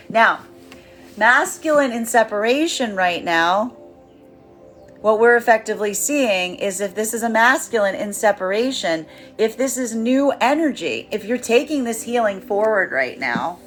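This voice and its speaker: A woman giving a casual tarot reading, talking in a chatty, animated way with many fillers. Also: medium pitch. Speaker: tarot reader. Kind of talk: casual spiritual reading monologue.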